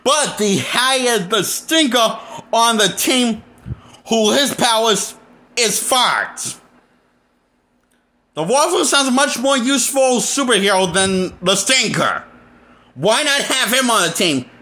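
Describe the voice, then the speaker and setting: High, bright-voiced man ranting. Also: expressive, takes it slowly. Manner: rambling, with frequent restarts and fillers; blunt, exasperated complaining with swearing. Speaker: movie critic. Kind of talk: casual movie review rant.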